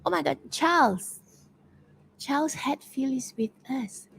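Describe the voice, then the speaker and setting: Slow, gravelly-voiced Malaysian woman teacher. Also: high-pitched, a bit bright, slight background noise, poor audio. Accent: Malaysian English. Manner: encouraging, praises answers by name; filler-heavy, hesitant restarts. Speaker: teacher running a poetry quiz. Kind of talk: interactive online workshop talk.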